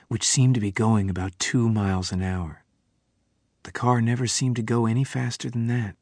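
Low husky male audiobook narrator. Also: no echo, studio quality. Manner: measured, dropping to a whisper at quiet passages. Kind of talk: scripted narration of a novel.

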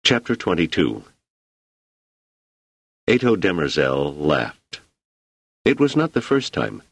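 A deep-voiced male narrator reading a novel with wide, animated swings of pitch. The recording is dry and close, with no room sound at all. He tells the story with expressive, scripted storytelling. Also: slow, vocal fry, breathy edge, no room sound. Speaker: audiobook narrator.

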